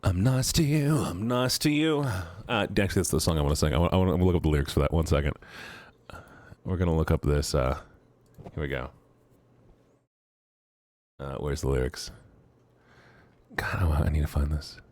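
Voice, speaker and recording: A man's voice: rumbling low, fairly even intonation, fairly quick, pauses often, a little mellow, no room sound. A young man streaming from home, chatting playfully with viewers through a handheld microphone, rambling and teasing. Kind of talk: casual chat with viewers. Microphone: handheld studio microphone.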